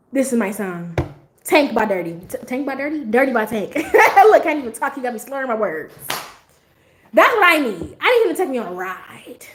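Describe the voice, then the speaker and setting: A young woman talks straight to her livestream viewers in a loose, unfiltered chat. Her voice sits a little high and swoops all over the place as she jokes. She swears freely and breaks into laughter again and again. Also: normal speed, background noise. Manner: animated, blunt and profane, laughs often. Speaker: livestream host.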